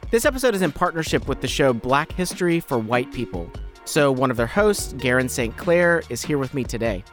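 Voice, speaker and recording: A man in the host's chair reads scripted podcast narration, measured and explanatory, at an ordinary middle pitch. Soft music plays faintly beneath him. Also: sing-song. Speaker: podcast host.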